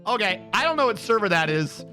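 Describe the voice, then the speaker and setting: Bright high-voiced male streamer. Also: fast talker, faint music behind. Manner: animated, swears freely, acts out quotes. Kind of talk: casual live-stream storytelling.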